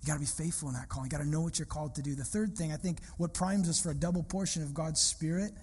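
A male pastor preaching, his voice pitched high and slightly husky. He talks in a relaxed, storytelling way that builds with emphasis and repeats his phrases. The sound carries a long hall reverb, like a sanctuary. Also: quick pace. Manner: animated, conversational, repeats phrases while telling a story. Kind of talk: sermon with personal storytelling.

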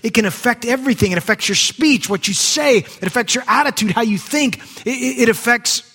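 A male pastor preaching a sermon in a church, conversational, swinging from quiet asides to raised emphasis. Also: very high-pitched, brisk, breathy edge. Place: church sanctuary. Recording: long hall reverb.

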